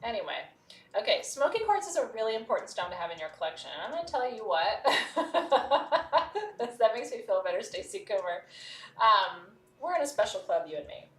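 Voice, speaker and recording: A woman's voice: fairly high pitch, sing-song, moderate pace, fairly bright tone. A woman hosting a live shopping stream, candid and chatty, laughing often. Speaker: host. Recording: roomy, distant mic.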